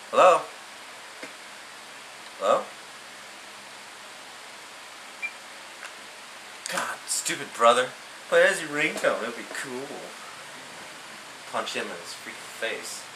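A whiny young man alone at home, grumbling and muttering to himself, as a young actor plays him. His voice swings up and down, and he talks slowly. It sounds like a noisy amateur home video with a steady hiss behind him. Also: medium pitch. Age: young adult. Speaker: actor in an amateur short film.

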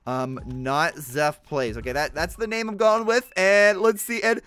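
A young man giving casual gameplay commentary as a gaming YouTuber, excitable, saying like and bro a lot, and jumping into high yelps when things go wrong. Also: moderate pace.

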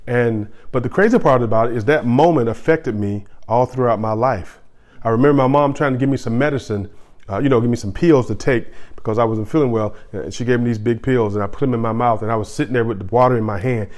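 A middle-aged man preaches to his church in an easy, conversational way. He circles back on phrases and restarts his sentences as he talks, with a voice at an everyday middle pitch. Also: fast talker, a little mellow. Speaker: pastor. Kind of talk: sermon.

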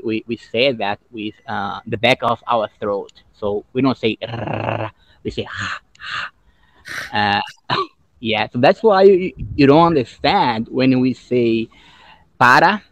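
A man's voice: mid-range voice, lively intonation, measured pace, fairly bright tone, no room sound. A man whose first language is Portuguese, chatting casually in English on a video call, explaining pronunciation and laughing often. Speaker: English learner.

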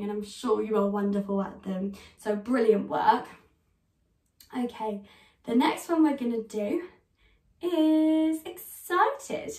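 A woman's voice: fairly high pitch, darkish tone. A young British woman in her twenties leading an online drama class for children, upbeat and encouraging as she talks straight to the kids. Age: 20s. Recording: echoey room, voice from a distance.

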